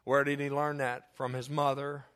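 A male pastor preaching an animated sermon, repeating phrases for emphasis and joking with his congregation, recorded in a church. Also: mid-range voice, normal speed, slight background noise. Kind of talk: sermon with humorous asides. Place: church sanctuary. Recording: long reverb of a church hall.

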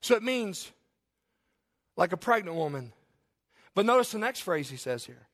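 A high-pitched male preacher delivering a sermon. He reads scripture slowly in a lowered voice, then rises loud and high for emphasis. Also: very animated. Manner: swings from low measured scripture reading to loud rising emphasis. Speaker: pastor.

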